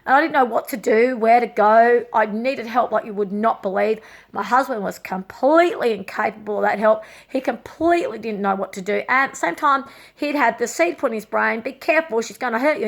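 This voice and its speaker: Brief: middle-aged woman, slightly high voice, raw and agitated, swearing through a personal story. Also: fairly bright tone. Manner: raw, agitated, swears often, repeats herself. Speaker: vlogger.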